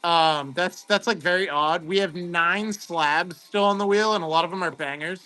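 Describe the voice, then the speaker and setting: A man hosting a card-opening livestream in casual, excitable chat, greeting viewers by name. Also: high voice, moderate pace, soft background music.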